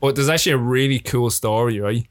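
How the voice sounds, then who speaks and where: An Irish man, a filmmaker guest, telling animated, sweary stories in a casual podcast chat. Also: medium pitch, fast talker, dry recording, studio quality. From Ireland.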